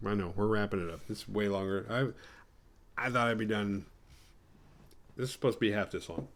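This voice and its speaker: A man recapping a horror film for his show, swearing casually and jumping into quick voices for the characters. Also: low-pitched, fairly even intonation, creaky. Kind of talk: casual comedic retelling.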